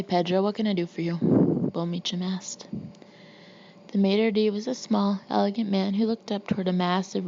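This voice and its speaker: A woman reading a novel aloud as narrator, in a steady storytelling manner. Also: medium pitch, creaky, muffled recording, a little hiss or hum. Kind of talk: audiobook narration.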